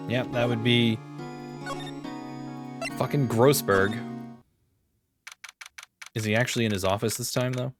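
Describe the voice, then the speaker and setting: A streamer giving wry, quiet asides while playing through a video game, with game music behind. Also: medium pitch, fairly even intonation, measured pace, pauses often. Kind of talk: let's-play commentary.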